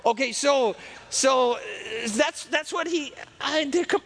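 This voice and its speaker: A man preaching a folksy, joking sermon that swings between loud and soft and drops into character voices. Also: very high voice, unhurried, noisy background. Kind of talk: lively sermon.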